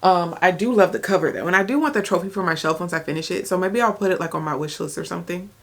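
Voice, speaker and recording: Young woman, rambling casual vlogger, slightly low voice. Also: fast talker, gravelly. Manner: chatty, rambling, many "like"s and restarts; talking while eating. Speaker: book vlogger. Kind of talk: casual vlog chat.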